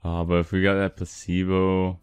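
A young man co-hosting a let's play, making wisecracks and deadpan asides while he plays. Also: sits low, normal speed, clear, resonant tone, no echo. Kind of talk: casual gameplay commentary.

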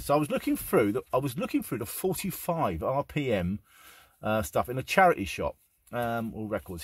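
Chatty man with a husky voice. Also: medium pitch. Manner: chatty and enthusiastic. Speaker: record collector vlogger. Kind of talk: casual chat.

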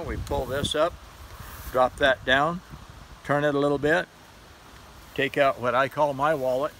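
A man's voice: fairly high pitch, pushed and bright, slight background noise, poor audio. Chatty man demoing a pocket knife. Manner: rambling, chatty, laughs at his own fumbles. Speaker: knife seller demonstrating a product. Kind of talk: casual product demo vlog.

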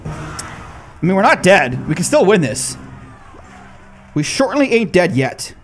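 Very high-voiced excitable male gamer. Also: a little slow, slight background noise. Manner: excitable, shouting reactions and teasing banter. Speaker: gaming video host. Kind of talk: live gameplay commentary.

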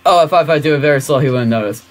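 A young man giving excitable, rambling commentary as he plays a computer game. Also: on the high side, racing. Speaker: gaming youtuber. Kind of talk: casual let's-play commentary.

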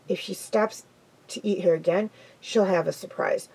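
A woman's voice: mid-range voice, steady tone, normal speed, gravelly, a little mellow, husky, low-quality recording. A woman doing a smug teenage hunter boy.

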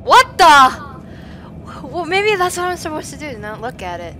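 Woman gamer for horror commentary, high-pitched, jittery, flips between muttering and frantic yelling. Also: very animated, unhurried, a little hiss or hum. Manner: jumpy, swings between hushed muttering and panicked yelling. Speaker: gaming video creator.

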